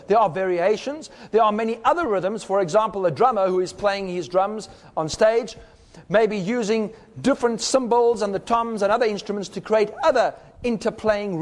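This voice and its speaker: A man's voice: high-pitched, in a large hall. A man giving a recorded teaching talk, explaining step by step and sounding out rhythms with his voice. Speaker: speaker.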